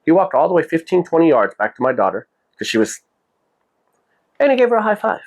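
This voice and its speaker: A man's voice: fairly high pitch, big pitch swings, fast talker. A man hosting his own vlog, telling a personal story in a rambling, casual way full of "you know" and quoted dialogue. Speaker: vlog host.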